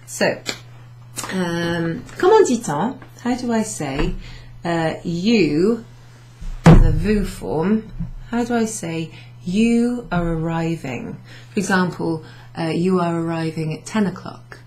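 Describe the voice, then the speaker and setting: A woman teaching a beginners' French class, explaining slowly and patiently with many ums and repeated French words. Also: fairly low pitch, a little mellow, a little hiss or hum, poor audio. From United Kingdom. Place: pub function room, recorded lesson.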